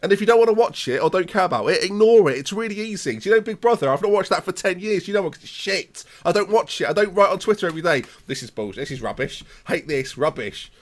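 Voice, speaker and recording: A man's voice: sits high, expressive, fast, hardly any pauses. A man in his late twenties, a streamer ranting in theatrical mock outrage during a live game stream, rambling and repeating himself. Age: late 20s. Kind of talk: live gaming stream rant.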